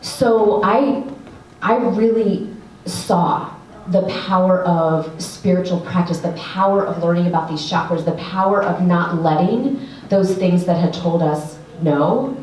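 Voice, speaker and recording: A woman writing coach telling an earnest, animated story to an audience, with lots of fillers. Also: lowish voice, a little slow, a little hiss or hum. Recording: echoey room, voice from a distance.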